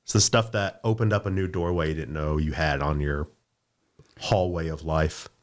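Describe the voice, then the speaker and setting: A man's voice: very deep voice, fairly even intonation, normal speed. A man hosting a casual podcast, chiming in with upbeat motivational remarks. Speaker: podcast host. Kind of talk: casual chat.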